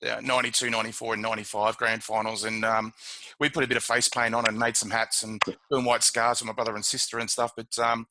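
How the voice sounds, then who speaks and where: A man hosts a casual podcast interview, asking friendly questions that stall on frequent ums. His voice sits at a middling pitch, and clear background noise hisses under the recording. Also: flat delivery, fast talker. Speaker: podcast host.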